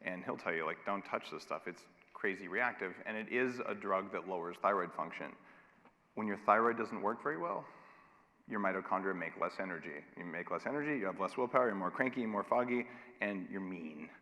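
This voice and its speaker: Man, keynote speaker, bright forceful voice, lowish pitch, long hall reverb. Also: a little fast. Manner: energetic, emphatic, wry. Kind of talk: conference keynote. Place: large conference hall.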